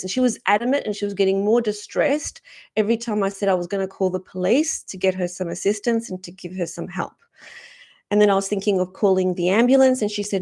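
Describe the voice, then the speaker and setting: A woman, a spiritual speaker, earnestly recounting a personal story in a gentle, reflective way. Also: mid-range voice, moderate pace, vocal fry. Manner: earnest, gentle, acts out quoted dialogue.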